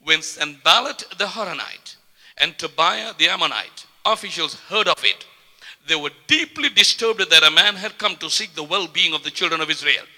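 A man preaching a sermon with passion, often repeating words and swinging from quiet to loud. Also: fairly high pitch, animated, normal speed. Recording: long hall reverb.

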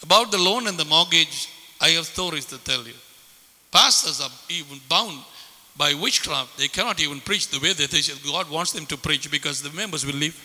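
A man preaching a sermon as a pastor, impassioned and fervent, at times breaking into shouts. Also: on the high side, normal speed, long reverb tail.

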